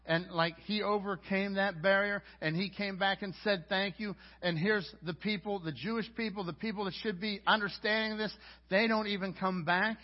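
Man, pastor, high voice, conversational sermon, stumbles over words and restarts, muffled lo-fi sound. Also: steady tone, moderate pace. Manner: conversational preaching with frequent stammered restarts. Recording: dull lo-fi audio.

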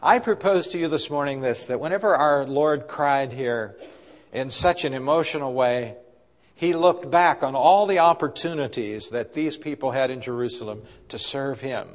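A male pastor preaching a sermon, rising and falling in loudness and asking the congregation questions. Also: mid-range voice, moderate pace. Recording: long hall reverb.

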